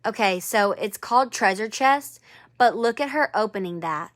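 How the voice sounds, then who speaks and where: A woman's voice: mid-range voice, animated, normal speed. A woman doing a live-streamed angel card reading. She speaks to one viewer by name, encourages her, and repeats her phrases.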